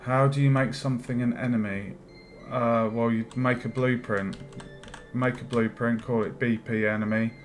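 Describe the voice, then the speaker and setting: A man streaming his game development work, thinking aloud with many pauses and fillers, and chatting with viewers. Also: medium pitch, steady tone. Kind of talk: casual live-stream commentary while working. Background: faint music and keyboard typing.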